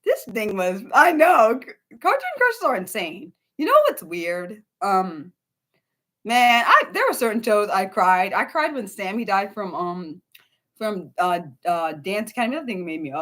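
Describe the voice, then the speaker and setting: Woman in her thirties, casual livestream host; excitable, profane, rambling, with sudden high-pitched outbursts. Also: normal speed. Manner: animated, swears freely, rambles with restarts. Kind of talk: casual unscripted livestream chat.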